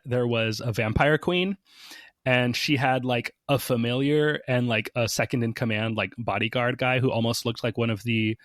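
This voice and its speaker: Man, podcast guest, casual storytelling, filler-heavy, mimics quoted people, mid pitch, dry close sound. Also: no room sound. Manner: chatty, many fillers, acts out quoted people.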